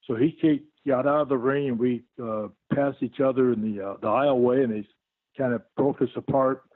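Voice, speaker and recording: A man's voice: medium pitch, steady tone, normal speed. An older man, a guest on an interview, tells a long rambling story full of fillers and restarts. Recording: tinny dry phone line.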